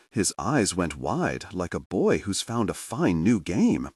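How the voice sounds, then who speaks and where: A man narrating a fantasy audiobook with expressive storytelling. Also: low-pitched, slow pace, few pauses, husky, no room sound, clean studio sound. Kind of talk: scripted narration.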